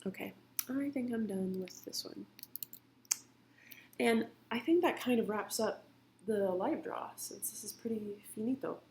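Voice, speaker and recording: A woman's voice: a little high, measured pace, long pauses, darkish tone, slight background noise, low-quality recording. A woman drawing live on stream, chatting playfully and thinking aloud about characters. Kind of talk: casual chat.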